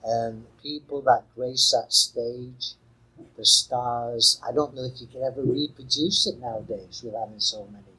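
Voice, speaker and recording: A man's voice: medium pitch, steady tone, unhurried, pushed and bright, slightly rough, rough recording. A man co-hosting a casual music podcast outdoors, talking with playful, rambling enthusiasm. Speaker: podcast co-host.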